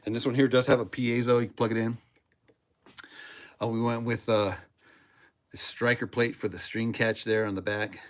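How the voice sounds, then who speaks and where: Casual male host, loose rambling delivery, mid-pitched. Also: little pitch movement, normal speed, long pauses. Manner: rambling storyteller, repeats words, acts out quotes. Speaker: podcast host, cigar box guitar builder. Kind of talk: casual chat with live chat viewers.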